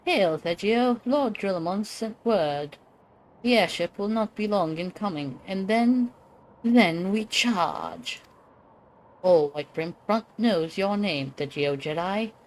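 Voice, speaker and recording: A woman's voice: mid-range voice, darkish tone, a little hiss or hum, voice pushed up, low-quality recording. A woman voicing an eager male knight rallying the troops in a put-on British accent, with a theatrical, rousing delivery. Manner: theatrical, rousing reading of game dialogue.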